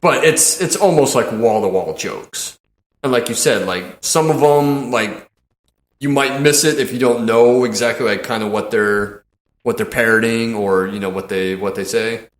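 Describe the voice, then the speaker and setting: A man's voice: mid-range voice, moderate pace, roomy sound. A man hosting a podcast, casually and animatedly retelling comedy film scenes, laughing often and swearing. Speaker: podcast host.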